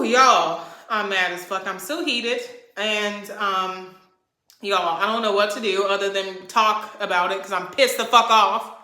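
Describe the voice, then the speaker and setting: A woman's voice: medium pitch, pushed and bright. A young woman venting angrily to her camera, heated and profane, hammering her points with emphasis. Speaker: vlogger. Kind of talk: angry venting rant to camera. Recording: echoey room.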